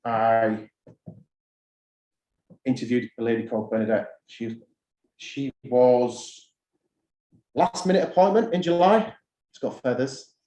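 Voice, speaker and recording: A middle-aged man giving a talk at a conference of school heads, telling stories from his career in a relaxed, conversational way. He drives points home by repeating short phrases. His mid-pitched voice carries the roomy echo of a hall. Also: slow pace, pauses often. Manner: anecdotal, conversational, repeats key phrases for emphasis. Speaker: school head giving an address.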